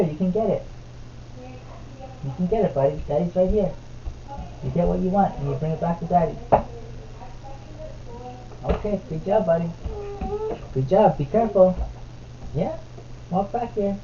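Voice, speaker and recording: A man streaming his trading from home. He switches between soft, sing-song baby talk with his toddler and brisk market commentary. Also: high voice, dull audio, slight background noise. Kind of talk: casual live-stream commentary.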